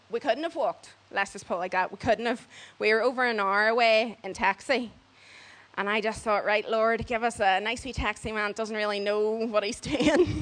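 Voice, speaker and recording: A woman tells a story casually and lively, often acting out other people's voices and laughing as she goes. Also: medium pitch. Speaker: storyteller on a church mission trip.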